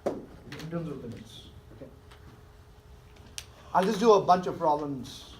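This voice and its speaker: A man's voice: on the high side, lively intonation, normal speed. A man teaching a math class, coaxing students along and checking often that they follow. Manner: coaxing, keeps checking understanding. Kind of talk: classroom lecture with questions to students. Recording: echoey classroom from far off, faint hiss.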